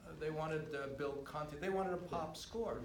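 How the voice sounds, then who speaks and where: An older man, a writer-director on a film panel, recounting production stories in a measured, dry way at a screening Q&A. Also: on the high side. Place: cinema auditorium. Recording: roomy, distant from the mic.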